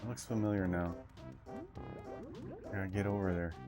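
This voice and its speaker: A man's voice: sits low, fairly even intonation, moderate pace, over loud music. A man streaming a game, thinking aloud in casual, mumbled, unsure commentary as he plays. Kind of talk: casual commentary while playing.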